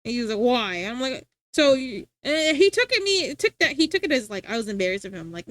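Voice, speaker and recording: A young woman streams and chats casually in a slightly high voice. She rambles, restarts her sentences and reacts to her chat. The sound is dry and close to the mic. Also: animated, fast, few pauses, fairly bright tone, no echo.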